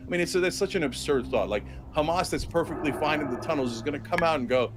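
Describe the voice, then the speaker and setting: A man's voice: fairly high pitch, animated, quick pace, hardly any pauses, background noise. A man giving impassioned political commentary, emphatic and indignant, with mocking mimicry of opponents.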